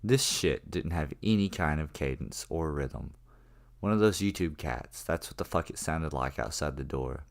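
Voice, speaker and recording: A man with an extremely deep, low-pitched voice narrates a horror story. He tells it casually in the first person, with plenty of swearing. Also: animated, normal speed, vocal fry. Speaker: creepypasta narrator.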